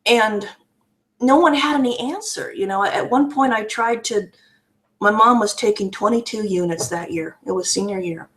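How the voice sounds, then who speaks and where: A woman's voice: mid-range voice, moderate pace, fairly bright tone. A woman giving candid personal testimony in a vlog, earnest and raw, often restarting and repeating her words. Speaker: vlogger sharing a personal story.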